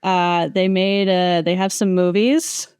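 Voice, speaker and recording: A young woman guest on a podcast in casual chat, making dry, deadpan remarks with hesitant fillers. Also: lowish voice, slow, clear, resonant tone, no echo.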